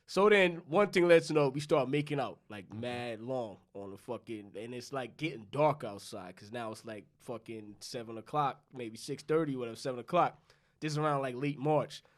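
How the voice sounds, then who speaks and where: A man's voice: mid-range voice, normal speed. A young man from New York, a podcast co-host, telling a loose, profane story in casual chat and acting out both sides of the dialogue. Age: young adult.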